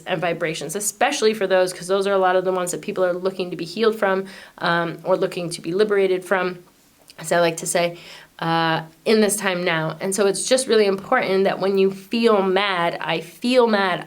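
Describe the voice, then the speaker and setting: A woman hosting her own channel, explaining a spiritual idea in a casual, earnest way that wanders, with frequent fillers and restarts. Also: mid-range voice. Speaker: channel host.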